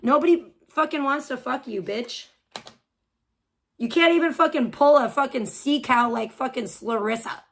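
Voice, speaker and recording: A woman's voice: sits high, normal speed, vocal fry. A woman live streamer ranting crudely, hurling insults and rambling on. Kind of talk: profane livestream rant.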